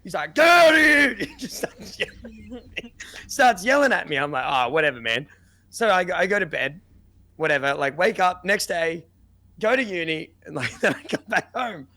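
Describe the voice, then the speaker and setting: Young man telling a rowdy story, bright voice. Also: on the high side, normal speed. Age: young adult. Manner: animated storyteller, acts out quotes, swears, laughs. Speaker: podcast guest. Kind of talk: casual chat, storytelling.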